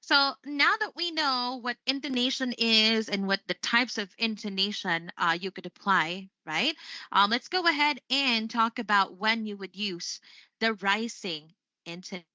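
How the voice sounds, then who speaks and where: A woman's voice: on the high side, animated, measured pace, bright, forceful tone, dry recording, highs cut off. A Filipino woman hosting a live English lesson, chatty, tagging "right?" onto most of her points. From Philippines.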